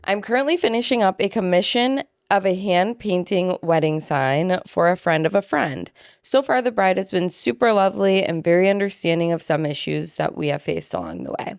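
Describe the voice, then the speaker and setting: A young adult woman co-hosting a podcast, chatting casually and reading listener stories aloud in a relaxed, offhand way. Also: fairly low pitch, moderate pace, vocal fry, dry recording, studio quality. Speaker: podcast co-host.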